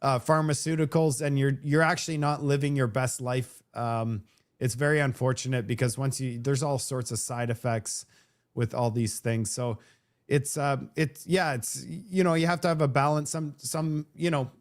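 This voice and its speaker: Speaking at a normal speed with fairly even intonation, a medium-voiced man hosts a casual live show. He's Canadian with French as his first language, has a Vancouver French-Canadian accent, and rambles, restarting often and using plenty of fillers.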